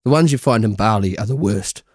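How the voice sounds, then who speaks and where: A man co-hosting a casual podcast chat, telling animated, sweary stories and mimicking people. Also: lowish voice, fairly quick, no echo, studio quality. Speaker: podcast co-host.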